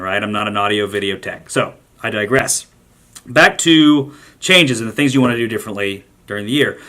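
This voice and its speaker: A man's voice: mid-range voice, bright, forceful tone. A man hosting a short daily vlog, ranting emphatically and repeating himself for emphasis. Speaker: podcast host.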